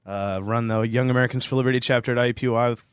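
A man's voice: mid-range voice, fairly even intonation, racing, smooth, no echo, studio quality. A young man co-hosting a casual podcast, speaking in a matter-of-fact way. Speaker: podcast co-host, student activist.

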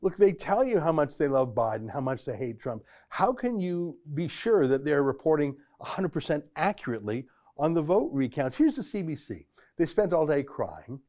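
A man's voice: fairly high pitch, sing-song, normal speed, mellow. A man hosting a political commentary show, delivering sarcastic, mocking remarks between clips.

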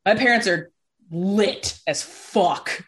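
A woman's voice: medium pitch, takes it slowly. A woman in casual conversation, telling a personal story and acting out other people's lines with exaggerated voices, saying "like" often. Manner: animated storyteller, acts out quotes in exaggerated voices; says "like" constantly. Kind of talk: casual chat.

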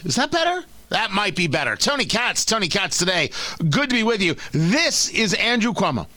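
A man from New Jersey hosting a talk radio show, with sarcastic, animated commentary. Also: sits high, no echo.

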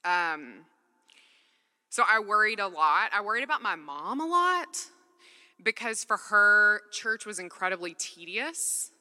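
A woman with a mid-range voice and lively intonation speaks a little slowly, her tone bright and forceful, as she shares a personal testimony at a faith gathering. Earnest yet conversational, she uses casual "like" fillers from the stage, with long reverb from the large hall.

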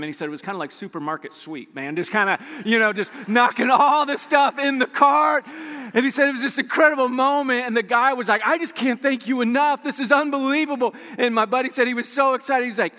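A man preaching a sermon as a pastor, animated and conversational, acting out quoted voices as he tells stories. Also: high-pitched, big-room sound.

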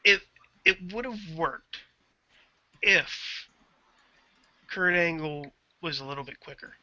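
A man co-hosting a casual podcast, blunt and quick to steer the talk. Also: fairly high pitch, pushed and bright. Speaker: podcast co-host. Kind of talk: casual chat. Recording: dull lo-fi podcast audio.

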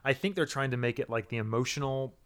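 A man's voice: medium pitch, fast talker, fairly bright tone. A man co-hosting a podcast in casual chat, rambling and restarting his sentences often. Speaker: podcast co-host.

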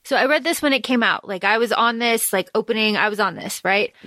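A woman co-hosting a casual book podcast, talking in animated bursts and circling back on herself. Her voice sits a little high. The recording is close and dry, with no room sound. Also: brisk, dry recording. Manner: animated, rambling storytelling with restarts. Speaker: podcast co-host. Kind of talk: casual chat.

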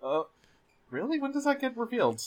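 A man co-hosting a casual podcast about a show, chatting quickly and laughing often. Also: very high voice, big pitch swings. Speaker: podcast co-host. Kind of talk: casual chat recapping a show.

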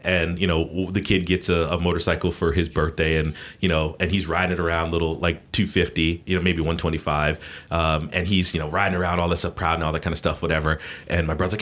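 Deep-voiced man telling rambling stories. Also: fast talker. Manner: rambling, animated anecdote telling. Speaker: podcast co-host. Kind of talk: casual storytelling chat.

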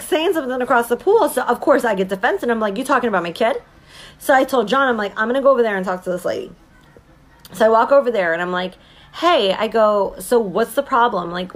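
Brief: woman, thirties, mid-pitched, casual and emphatic storyteller, keeps checking in with her listeners. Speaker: mother and business owner telling a story to viewers.

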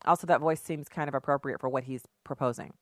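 A woman's voice: a bass voice, fast talker, dry recording, clean studio sound. A woman hosting opinionated political commentary, sarcastic and emphatic, with rhetorical questions.

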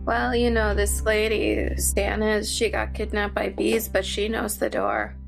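A woman's voice: mid-range voice, steady tone, a little slow, creaky, faint music behind. A woman tabletop player, joking and rambling as she asks questions.

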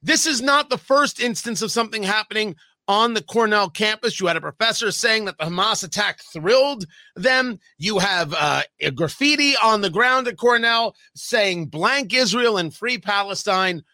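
Bright-voiced emphatic male radio host. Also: high voice, expressive, no echo. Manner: emphatic, reads statements aloud with pointed pauses. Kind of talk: talk radio interview.

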